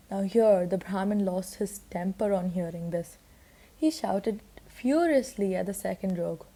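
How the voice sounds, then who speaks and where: A woman teaching a children's story, reading passages and then explaining what they mean in a patient, unhurried way with occasional fillers. Her voice is mellow and soft-toned, with pitch in the middle range.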